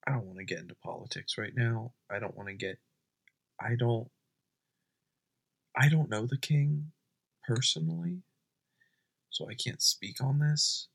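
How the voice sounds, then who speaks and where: Young guy, gravelly husky voice, deadpan rambling comedy, keeps slipping into whispers. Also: medium pitch, a little slow, long pauses. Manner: rambling, often drops to a whisper. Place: home at night.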